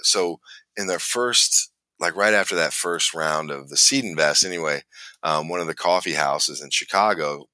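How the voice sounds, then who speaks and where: A man's voice: low voice, moderate pace, pushed and bright, dry recording. A middle-aged man telling a long personal story in casual conversation, rambling and acting out what people said, with lots of fillers. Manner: rambling, re-enacts dialogue with fillers. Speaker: guest storyteller.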